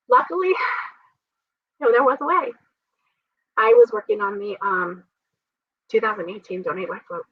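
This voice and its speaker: A woman's voice: fairly high pitch, big pitch swings, normal speed, creaky, long pauses, breathy edge, no echo. A woman who survived a transplant, telling her story in an interview in an earnest, faith-filled way with frequent laughter. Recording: dull, dry sound from a distant mic.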